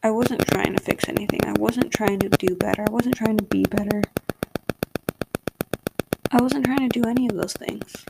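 A young woman talks through her own week in a casual solo podcast, rambling and candid, leaning on fillers and tag questions. Her voice carries a gravelly fry at a middle pitch. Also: fairly even intonation, moderate pace, pauses often, heavy background noise. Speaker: podcast host.

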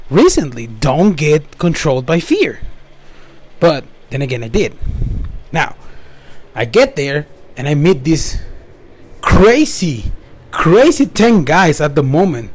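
Young man, fairly high voice, rambling casual storytelling, lots of restarts. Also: a little mellow. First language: Spanish. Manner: rambling with frequent restarts and asides. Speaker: storyteller recounting his work. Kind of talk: casual first-person storytelling.

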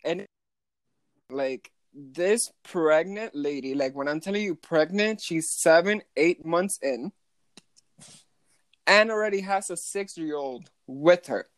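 A young adult telling a story from night shifts at a hotel front desk, animated and swearing, with many "like" fillers and some Spanish phrases. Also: medium pitch, slow pace, long pauses, dry recording. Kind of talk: casual storytime vlog.

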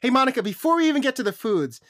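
A man's voice: very high voice, very animated, very fast, fairly bright tone, no echo, clean studio sound. A man co-hosting a food podcast, chatting casually and joking about himself, laughing often. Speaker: podcast co-host. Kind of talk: casual chat.

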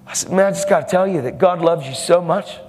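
A man's voice: a little high, quick pace, noisy background. A man preaching a sermon boldly and emphatically, with laughing asides. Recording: hall reverb with faint music.

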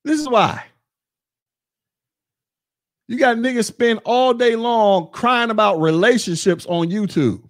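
A man's voice: very high-pitched, takes it slowly, long pauses. A man in his forties hosting a podcast, ranting bluntly with mocking, profane talk. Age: 40s. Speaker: podcast host. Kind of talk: casual rant.

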